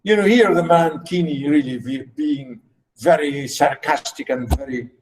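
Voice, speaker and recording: A male literature teacher explaining a play in a lecture, halting, with many fillers and restarts. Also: fairly high pitch, darkish tone, poor audio. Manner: halting, full of fillers and restarts, repeats himself.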